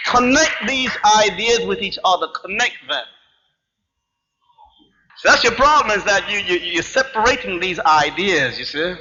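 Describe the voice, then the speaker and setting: A man gives an emphatic spiritual lecture to a live audience, hammering his points with rhetorical questions and a repeated "you see." His voice sits high, expressive and a little slow, over a noisy background. It's a dull lo-fi 1990s hall recording with long reverb.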